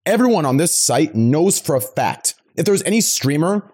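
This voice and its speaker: A man's voice: a little high, sing-song, normal speed, darkish tone, breathy edge. A young man, a streamer, arguing heatedly, swearing and repeating himself over and over. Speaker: streamer and podcast regular. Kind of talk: heated argument.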